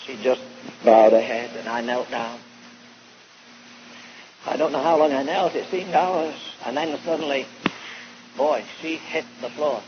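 A male preacher telling an animated, folksy story in a sermon, heard on a dull old recording. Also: medium pitch, unhurried, pauses often, noisy background. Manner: animated, folksy anecdotal delivery.

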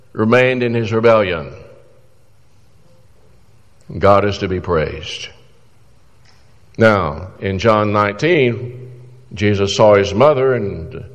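A man's voice: on the low side, big-room sound. A man preaching a sermon in an earnest, exhorting way, pleading with his listeners through questions.

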